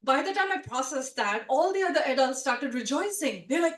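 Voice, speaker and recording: A woman telling a personal story at a live story swap, chatty and animated, full of "like" and "you know". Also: sits high, brisk, hardly any pauses. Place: storytelling event room with a live audience. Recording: roomy sound from a distant mic.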